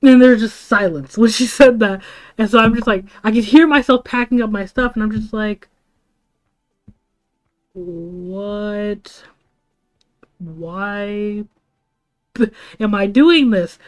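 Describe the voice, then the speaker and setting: A woman's voice: a little high, brisk, faint music behind. A young woman livestreaming, rambling through school stories with laughs and lots of "like" and "bro". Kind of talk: casual storytelling to a live chat.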